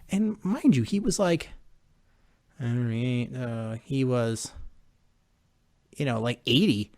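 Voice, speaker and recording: Animated man, dry close sound. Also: medium pitch, no room sound. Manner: animated, halting retelling with restarts. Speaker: podcast co-host. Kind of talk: casual sports chat. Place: home room.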